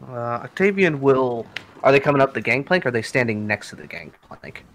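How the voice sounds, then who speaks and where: Player, man, bright voice, relaxed and chatty. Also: medium pitch, a little fast, slight background noise. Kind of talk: casual chat.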